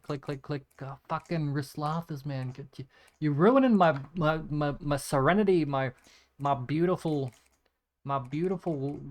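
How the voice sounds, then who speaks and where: A male gaming streamer giving casual gameplay commentary, muttering repeated item names as he clicks and swearing often. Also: on the high side.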